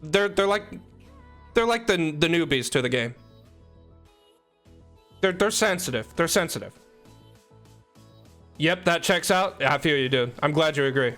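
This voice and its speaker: A man's voice: on the high side, lively intonation, measured pace, pauses often, a bit bright, faint music behind. A young man streaming a game, chatting casually with his viewers, joking and teasing between explanations, on a desk microphone. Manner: joking, teasing chat, rambling asides. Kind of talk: casual live-stream chat.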